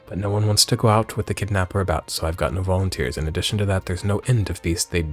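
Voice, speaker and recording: A man voicing a young male bird keeper in a gruff old pirate-like voice, worried and pleading as he reads game dialogue aloud. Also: sits low, steady tone, quick pace, soft background music, natural voice.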